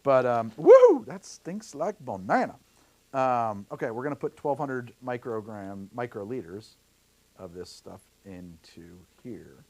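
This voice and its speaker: A man's voice: medium pitch, expressive, unhurried, gravelly. A man hosting a livestream while mixing drinks, rambling and heated, swearing freely and laughing often into a studio mic. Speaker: livestream host making drinks. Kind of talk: casual livestream chat. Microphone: studio mic through a mixer rig.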